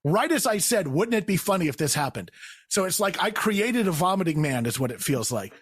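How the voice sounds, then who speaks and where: A man with a somewhat high, husky voice spins a comic story in casual chat. His pitch leaps around as he acts out the quotes, and he laughs along. The sound is dry and close. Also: fairly quick, no room sound. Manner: animated, acts out quotes in raised voices, laughs while telling. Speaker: guest storyteller.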